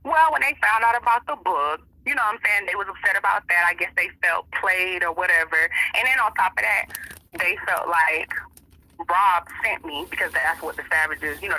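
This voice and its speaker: A woman's voice: lowish voice, bright, forceful tone, slightly rough, rough recording. A woman being interviewed, telling a story in casual, emphatic, profane talk and acting out what other people said. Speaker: interview guest.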